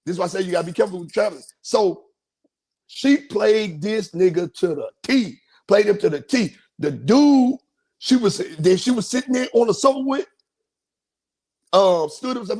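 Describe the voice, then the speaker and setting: High-voiced man telling a slangy story. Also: fairly quick, breathy edge. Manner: animated, slangy, acts out quotes in a raised voice. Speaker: podcast host. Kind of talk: casual storytelling.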